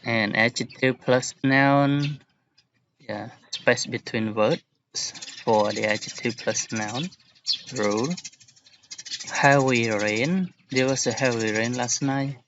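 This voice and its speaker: A man teaching an English lesson, explaining word rules slowly and patiently with examples. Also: mid-range voice, steady tone, a bit bright, highs cut off, a little hiss or hum. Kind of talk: recorded classroom lesson.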